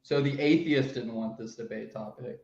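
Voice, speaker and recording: A man chatting casually as a guest, joking and excitable. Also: medium pitch, normal speed, vocal fry. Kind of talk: casual chat. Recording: roomy, dull lo-fi call audio.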